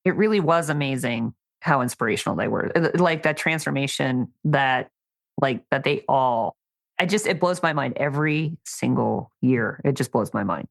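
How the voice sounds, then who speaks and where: A woman's voice: very deep voice, animated, normal speed, creaky. A woman co-hosting a podcast, a dog trainer who speaks in a reflective, earnest way. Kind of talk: casual podcast chat.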